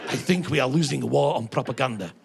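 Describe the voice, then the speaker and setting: A man's voice: medium pitch, fast talker, vocal fry, background noise, voice pushed down, close to an everyday voice. A man voicing a grave male Russian aide in broken English with a heavy mock Russian accent.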